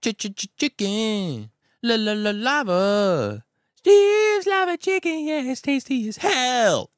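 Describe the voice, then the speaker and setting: A man's voice: extremely high pitch, very slow, a bit bright, no room sound, clean studio sound, pitched above the performer's own voice, heavily acted. A man imitating a hyper five-year-old boy who shrieks and chants in a sing-song way. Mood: sing-song chanting.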